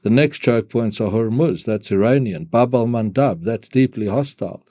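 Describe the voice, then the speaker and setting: A man as a podcast guest, talking in measured phrases and often repeating words as he starts them. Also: mid-range voice, mellow, no room sound, clean studio sound. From South Africa. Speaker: guest analyst. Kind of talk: podcast interview.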